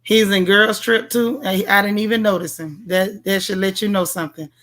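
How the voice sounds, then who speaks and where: Speaking at a moderate pace, this woman has a steady, mid-range voice with a fairly bright quality. She's on a casual livestream, sassily and playfully reviewing a TV show, reading viewer comments and addressing her audience head-on.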